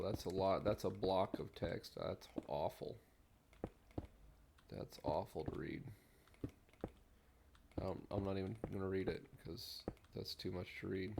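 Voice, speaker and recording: Low gravelly man musing while gaming. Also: background noise. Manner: mellow, rambling, hums absently while building. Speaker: streamer. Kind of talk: relaxed gameplay commentary.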